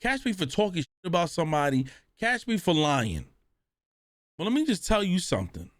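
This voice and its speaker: A male streamer reacts live and speaks straight to his chat, blunt and full of swearing. His voice sits high. The sound is dry and close, with no room in it. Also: big pitch swings, fairly quick, no room sound.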